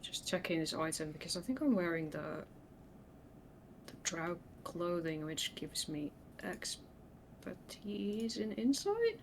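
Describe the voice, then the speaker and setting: A woman's voice: lowish voice, big pitch swings, takes it slowly, slight background noise. A woman playing a tabletop game, thinking aloud in casual chat at the table. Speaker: player.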